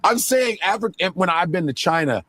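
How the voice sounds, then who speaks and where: A man telling comic stories in casual chat, profane and animated, slipping into mocking impressions. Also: sits high, a little fast. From United States. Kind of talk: comedic storytelling chat.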